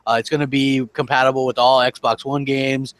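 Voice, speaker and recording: A man co-hosting a casual gaming call-in show, chatty and quick to laugh. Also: mid-range voice, little pitch movement, dry recording. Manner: chatty, laughs often, lots of filler phrases. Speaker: podcast co-host.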